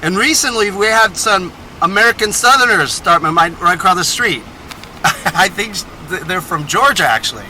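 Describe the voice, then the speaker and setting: A Texan man vlogs from a car on the road in a casual, rambling travel video, drifting between topics and correcting himself as he goes. Chatty and digressive, he speaks in a high, animated voice at a moderate pace, with background noise.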